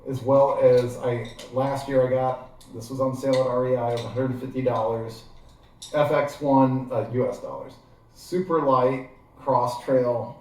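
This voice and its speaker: A man's voice: mid-range voice, background noise. A man with a Midwestern American accent from Ohio, giving a chatty, digressive how-to demonstration full of fillers. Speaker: gear how-to vlogger. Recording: very echoey room, voice far from mic.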